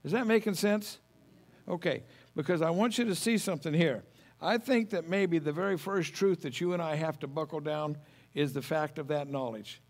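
Folksy pastor preaching, higher voice. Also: male voice, normal speed. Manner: folksy, homespun storytelling with humor. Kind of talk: sermon.

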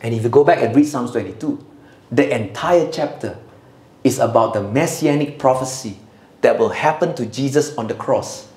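A man's voice: mid-range voice, normal speed, a little mellow. A man preaching a sermon, calling out to the church for an amen. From Singapore. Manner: preaching with call-and-response to the church. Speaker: pastor. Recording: echoey church hall.

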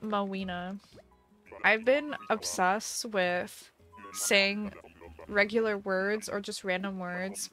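A young woman streamer in casual chat, giggly and talkative, reading out viewer messages. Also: medium pitch. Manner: chatty, giggly, reads viewer messages aloud. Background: soft music.

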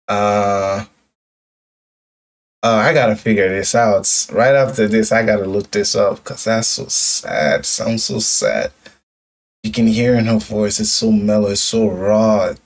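A young man hosts a music reaction video, giving casual commentary that is emotional and repetitive, full of "yo" and "like." His voice is lowish and measured in pace, caught on a distant mic.

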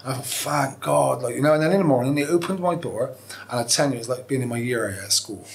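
A man's voice: mid-range voice, rapid-fire. A man, telling his story as a podcast guest, candid and profane, rambling with restarts. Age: 40s. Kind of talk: casual interview storytelling.

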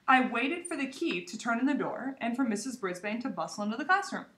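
A woman reading a children's chapter book aloud with lively, expressive storytelling. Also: on the high side, roomy sound. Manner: lively expressive storytelling, voicing the hamster narrator. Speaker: reader.

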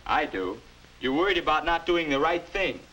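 A man's voice: fairly high pitch, normal speed, slight background noise, rough recording. An actor playing a friendly young man who is the boy's future self, earnestly explaining manners in a 1950s educational film. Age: young adult. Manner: earnest, instructive, lively. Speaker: narrator and guide.

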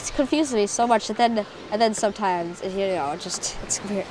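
A woman hosting a gameplay video with casual commentary, excitable and jokey, talking to her game units. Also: medium pitch, normal speed, a little hiss or hum. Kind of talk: casual let's-play commentary.

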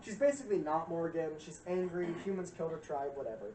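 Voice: medium pitch, expressive, quick pace, dark tone. Young adult streamer, rambling and profane, lots of fillers, roomy echo, distant mic, faint hiss. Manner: profane, rambling, frequent fillers and acted quotes. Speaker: streamer giving a game lore lecture. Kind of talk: casual rambling chat.

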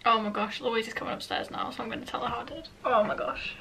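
A woman's voice: fairly high pitch, fairly even intonation, quick pace, creaky, pushed and bright, far from the mic, slight background noise. A young woman talking in a casual reaction vlog at home, emotional and gushing, saying "literally" again and again. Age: young adult. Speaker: vlogger. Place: upstairs room at home.

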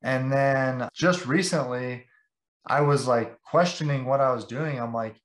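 A man's voice: medium pitch, unhurried, reverberant. A young man, a sales director, talks passionately and at length in a casual podcast interview, filling his sentences with "like". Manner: passionate, rambling with many "like"s.

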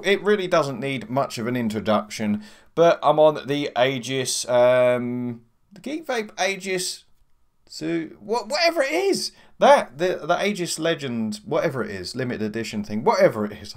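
A man hosting a casual live stream, swearing freely as he greets chat viewers by name from his home computer on a desk microphone. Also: on the high side. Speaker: livestream host. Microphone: desk USB microphone.

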